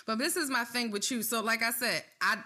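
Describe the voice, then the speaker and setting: A woman's voice: on the high side, a little fast, sharp tone. A woman co-hosting a talk show, ranting in heated, profane gossip commentary. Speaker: podcast co-host.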